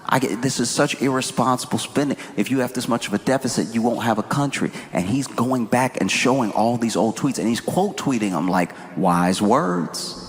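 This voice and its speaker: A man doing a stand-up comedy set, animated, acting out quotes and shouting punchlines. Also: medium pitch, moderate pace, hardly any pauses. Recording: echoey hall with room noise.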